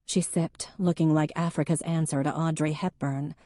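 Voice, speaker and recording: A woman's voice: fairly even intonation, normal speed, hardly any pauses, mellow, no room sound, studio quality. A woman narrating an audiobook, acting out the characters in a heated argument. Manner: voices characters with rising pitch and force in heated dialogue.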